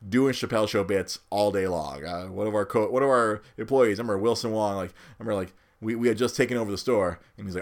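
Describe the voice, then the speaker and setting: A man's voice: lowish voice, fast, few pauses. A man in his thirties, a new father, talking casually and rambling, repeating words as he goes and often laughing at himself. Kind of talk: casual chat.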